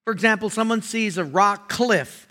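A man's voice: sits high, normal speed, pushed and bright. A man preaching a sermon as a guest pastor, folksy and joking.

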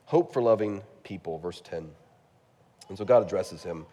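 Animated preacher man in a reverberant hall. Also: moderate pace. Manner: animated preaching with wide swings in pitch and loudness. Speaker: pastor. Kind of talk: sermon.

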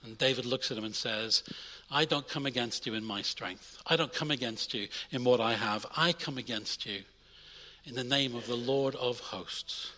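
Bright-voiced man preaching in a reverberant hall. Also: medium pitch, moderate pace. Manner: energetic, swings between loud urging and quiet intimate asides. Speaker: pastor. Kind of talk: sermon. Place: church.

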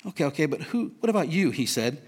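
A man's voice: on the high side, big pitch swings, fast, breathy edge. A man preaching a sermon in an earnest, questioning, conversational way. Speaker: pastor. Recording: long reverb of a large hall.

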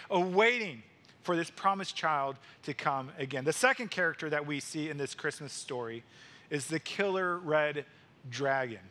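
Middle-aged male pastor, high bright voice, earnest repetitive preaching. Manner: earnest, repetitive preaching cadence, slowing for emphasis. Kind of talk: sermon.

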